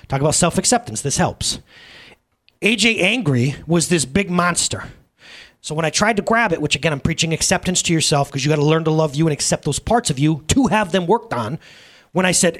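A man in his thirties preaching a casual, humorous sermon at a church service, telling stories in an animated, jokey way with asides to the congregation. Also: a little high, brisk. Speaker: pastor.

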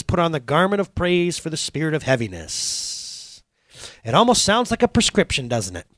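A middle-aged man preaching a sermon, telling playful stories with loud bursts of excitement. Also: on the high side, no echo, clean studio sound. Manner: animated, playful storytelling with bursts of loud exclamations. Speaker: pastor.

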